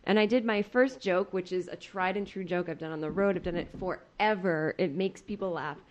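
A woman's voice: lowish voice, a little fast, dull audio, slight background noise. A woman comedian on a podcast, telling a story in a casual way and acting out the people she quotes. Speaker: comedian guest.

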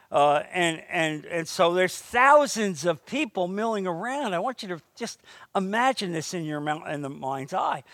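High-voiced animated male preacher. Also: normal speed, no room sound, clean studio sound. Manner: animated preaching, rising to emphatic bursts. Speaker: pastor. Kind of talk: sermon.

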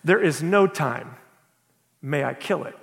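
Man reading a calm, insistent flaming angel. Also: fairly high pitch, slow, vocal fry, voice pushed down, full character voice. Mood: calm insistence. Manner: quiet, firm, repeats the same question. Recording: echoey hall with long reverb.

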